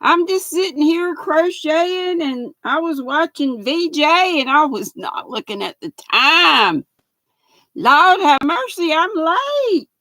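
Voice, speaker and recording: A woman's voice: high voice, lively intonation, slow, pushed and bright, no room sound, rough recording. An older woman with a Southern American accent, hosting a casual livestream and chatting folksily with her viewers, greeting each one by name. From Southern United States. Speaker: livestream host.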